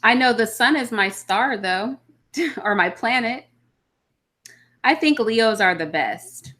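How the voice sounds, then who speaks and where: A woman's voice: a little high, lively intonation, slow, a bit bright. A woman hosting a casual live chat, a mother answering viewer comments in a blunt, opinionated way. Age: adult mother of children. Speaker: livestream host answering chat.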